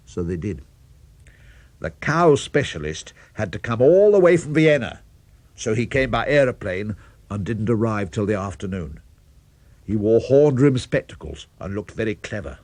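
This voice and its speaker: A man's voice: on the low side, sing-song, normal speed, a little mellow, no echo. An older man telling a children's story, playful and speaking directly to young listeners.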